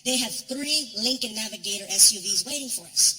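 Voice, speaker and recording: A male comedian telling a long story on a live stage, animated and acting out the scenes. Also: a little fast, poor audio. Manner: animated, swings in pitch, acts out scenes. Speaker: stand-up comedian. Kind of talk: stand-up storytelling.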